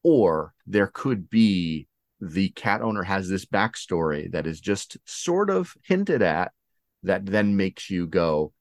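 A man's voice: sits low, takes it slowly, no room sound. A man hosting a casual interview about tabletop games, agreeing often and plugging a campaign. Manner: relaxed, affirming, plugs a crowdfunding campaign. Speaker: podcast host.

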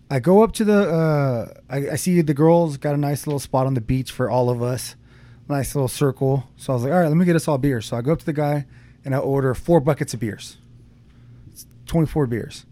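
A young man in casual conversation tells a story at an easy, rambling pace. He swears freely and leans on fillers. His pitch sits in an ordinary middle range. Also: normal speed, warm tone. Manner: rambling, laid-back, frequent swearing and fillers. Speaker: podcast co-host.

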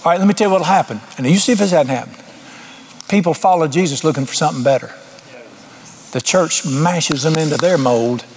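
A man's voice: fairly high pitch, a little mellow. A middle-aged man preaching an informal sermon, folksy and blunt, with sudden emphatic rises.

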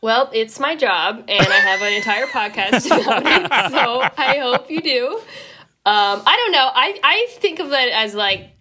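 Woman, podcast guest, remote link, high voice, bright, chatty, self-deprecating. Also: lively intonation, a little slow. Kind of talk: casual podcast banter.

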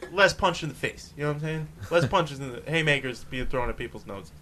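A man's voice: medium pitch, lively intonation, a little fast, sharp tone, a little hiss or hum. A man co-hosting a podcast in casual banter, laid-back and joking, often restarting his sentences. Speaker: podcast co-host.

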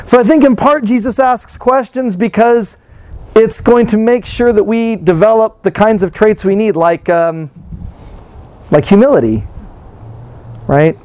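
Male preacher with a high voice and a loose, chatty delivery full of rhetorical questions. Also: a little slow, long pauses, darkish tone, no echo. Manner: conversational, many rhetorical questions and fillers. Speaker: pastor. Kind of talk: sermon.

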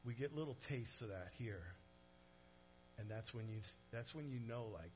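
A man preaching a sermon in an animated way, swinging from soft to loud, with conversational asides to the audience. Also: mid-range voice, moderate pace, slight background noise, low-quality recording. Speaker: pastor.

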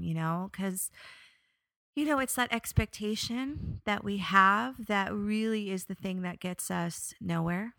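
A young adult woman hosting a podcast, telling a personal story in an expressive, animated way and then turning reflective. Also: mid-range voice, a little slow, vocal fry, dry recording. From New York area. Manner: expressive, animated when quoting herself, reflective. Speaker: podcast host.

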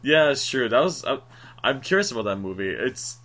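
A man's voice: medium pitch, big pitch swings, brisk, a bit bright. A man co-hosting a podcast, chatting casually and often restarting his sentences. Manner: chatty, many restarts and fillers. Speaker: podcast co-host. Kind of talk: casual chat.

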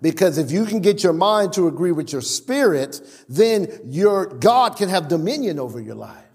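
Pastor, male, high voice, animated sermon delivery with stammered restarts, church reverb. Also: moderate pace. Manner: animated preaching with stammered restarts and acted-out quotes. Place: church sanctuary.

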